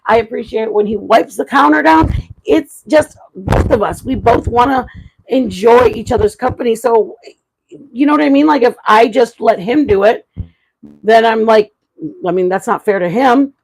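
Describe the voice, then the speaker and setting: Woman host, chatty and frank, bright-ish upper voice, animated live chat. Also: on the high side, a little slow, slightly rough, rough recording. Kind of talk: casual chat to viewers.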